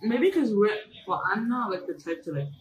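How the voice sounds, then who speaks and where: A woman co-hosting a podcast, talking casually over a meal in a soft, hesitant way that often trails off. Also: mid-range voice, sing-song, normal speed, a little hiss or hum, poor audio. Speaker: podcast co-host. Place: fast food restaurant.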